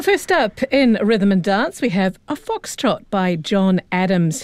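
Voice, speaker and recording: A woman presenting a concert on radio, reading scripted programme notes in a smooth, measured way. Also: medium pitch, a little hiss or hum.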